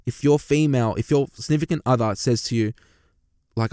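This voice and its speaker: This young man's medium-pitched voice is clear and resonant, a little fast, captured in a dry, clean studio-quality recording. As a commentator reacting to a story from inside a parked car, he rants heatedly and animatedly, swearing a lot and addressing listeners directly.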